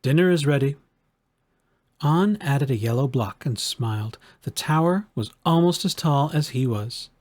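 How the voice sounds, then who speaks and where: A man reading a children's storybook aloud in a calm, measured way. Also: medium pitch, no echo. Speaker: narrator.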